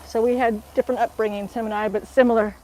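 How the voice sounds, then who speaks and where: A woman's voice: on the high side, little pitch movement, quick pace, a little mellow, low-quality recording. A middle-aged woman from Alaska with an Alaskan accent, chatting casually with viewers while she exercises outdoors and laughing often. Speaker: fitness vlogger. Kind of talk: casual live-stream chat while exercising.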